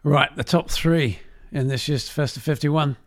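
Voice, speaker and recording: A man hosting a radio countdown show, giving unhurried, offhand remarks between records. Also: a little high, no echo, studio quality. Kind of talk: casual radio countdown presenting.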